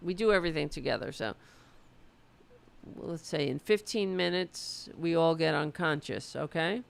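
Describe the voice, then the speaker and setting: Very gravelly slow-talking American woman. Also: low-pitched. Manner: loose, profane, rambling. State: losing her voice. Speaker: political livestream host. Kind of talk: casual livestream chat.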